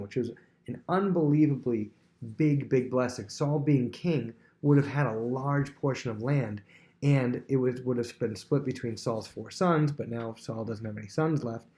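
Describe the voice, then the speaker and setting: A man teaching a Bible lesson to students, telling the story in a lively way and acting out the characters' words. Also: medium pitch, normal speed. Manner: animated storyteller who acts out quotes.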